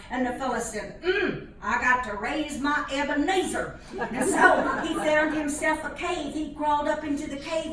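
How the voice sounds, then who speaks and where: A woman's voice: high-pitched, fairly bright tone, a little hiss or hum. An older woman telling a comic tale in a folksy, preacher-like cadence. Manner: dialect-tinged, preacher-like cadence. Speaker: storyteller. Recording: echoey room from a distance.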